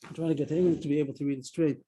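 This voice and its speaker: A man's voice: a little high, steady tone, rapid-fire, warm tone, slightly rough, highs cut off. A man teaching a Talmud class over a video call, explaining a text step by step and stressing key words. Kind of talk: online Talmud lesson. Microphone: video call mic.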